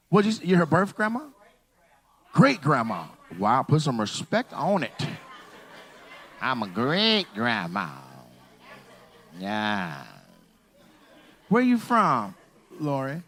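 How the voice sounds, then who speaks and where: A man's voice: mid-range voice, very animated, slow, long pauses, a bit bright. A man doing stand-up crowd work in a comedy club, teasing the audience in a loose, profane way.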